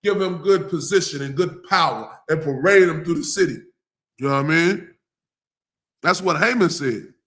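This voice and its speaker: Bright-toned preacher reading scripture. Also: male voice, a little high. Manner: slow, drawn-out reading alternating with loose, laughing street-slang commentary. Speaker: teacher reading scripture to a class. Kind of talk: scripture reading and sermon commentary.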